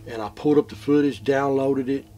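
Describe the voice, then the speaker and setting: Animated man retelling an encounter. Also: mid-range voice, brisk. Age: adult, a father. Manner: animated, repeats himself, swings from loud to hushed. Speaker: eyewitness interviewee. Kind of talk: emotional first-person retelling.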